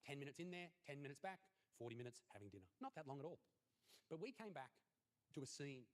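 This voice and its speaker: A young Australian man performing a stand-up comedy routine in a crude, mock-earnest way, his voice jumping high on the punchlines. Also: sing-song, fast talker. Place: comedy stage.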